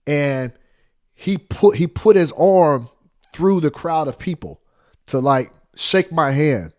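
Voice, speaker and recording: A man telling a story in a casual monologue, repeating phrases for emphasis. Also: slow pace. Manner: animated, acts out quotes with big pitch jumps.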